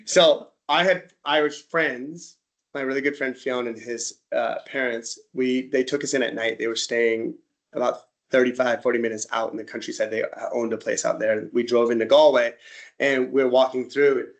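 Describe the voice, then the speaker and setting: A man from the United States, with a voice of ordinary middle pitch, gives a relaxed slide-show talk to a group. He tells his stories in a chatty way and acts out little back-and-forth exchanges as he goes. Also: moderate pace. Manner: chatty storyteller who acts out little dialogues. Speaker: presenter at an interest group talk.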